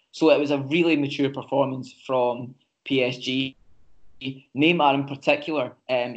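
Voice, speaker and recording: A man co-hosting a football podcast, talking through match analysis in a measured, casual way with frequent ums and restarts. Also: medium pitch. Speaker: podcast co-host. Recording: slightly muffled lo-fi audio.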